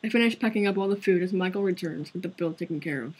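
A woman's voice: on the low side, quick pace, darkish tone, breathy edge, poor audio. A woman streaming a visual novel, narrating its story aloud in an earnest, conversational way. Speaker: game streamer.

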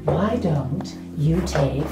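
An actress playing a teasing seductive woman who talks slowly and sultrily, in a comedy horror film. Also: deep voice. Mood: sultry, teasing. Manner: slow, sultry, teasing delivery. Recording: echoey room with music behind.

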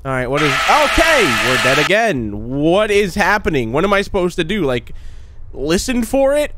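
A man's voice: on the high side, big pitch swings, normal speed, heavy background noise. A young man giving casual, chatty commentary while playing a horror game, often calling out "dude" and shrieking when startled. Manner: jumpy, chatty, calls viewers "dude". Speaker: gaming YouTuber.

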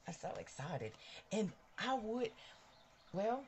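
A woman's voice: medium pitch, very animated, slow, noisy background. A woman hosting a casual live stream from her bedroom, chatty and bubbly, greeting viewers by name. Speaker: livestream host. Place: bedroom at home.

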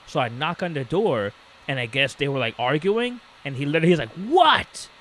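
A bright-voiced man of medium pitch tells a story at normal speed in a casual chat. As a podcast co-host, he's an animated storyteller who acts out the quoted voices.

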